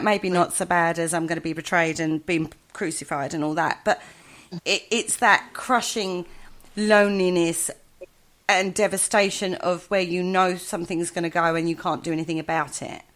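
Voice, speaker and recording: A woman's voice: lowish voice, a bit bright. A woman speaking as a guest on a podcast, reflective and emphatic, stressing her key words. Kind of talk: casual discussion on faith.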